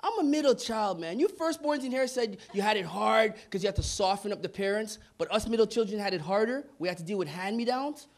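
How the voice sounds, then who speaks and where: A man from Montreal performing a stand-up comedy routine on a club stage, punchy and animated, slipping into voices. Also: high voice, a little fast, few pauses. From Montreal, Canada. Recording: noisy live club recording.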